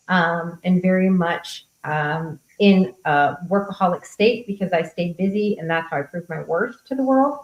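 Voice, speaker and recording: A woman's voice: fairly low pitch, reverberant. Frank, casual woman coach on a muffled call. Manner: frank, casual, swears freely. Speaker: host and coach. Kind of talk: casual Q&A answers.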